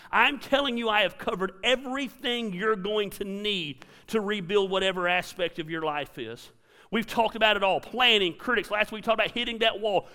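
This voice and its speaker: A man's voice: sits high, sharp tone. A middle-aged man preaching a sermon as a pastor, conversational and emphatic, with punchy repeated lines. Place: church auditorium. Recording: reverberant hall.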